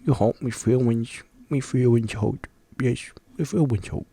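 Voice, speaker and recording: A man putting on a whiny, mocking voice for an easily offended grown man, pitched above his own. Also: a little slow, creaky, a loud crowd.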